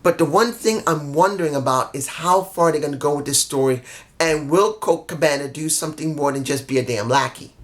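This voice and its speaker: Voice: mid-range voice, fairly quick. A tired vlogger recapping a wrestling show to camera, blunt and emphatic, swearing freely.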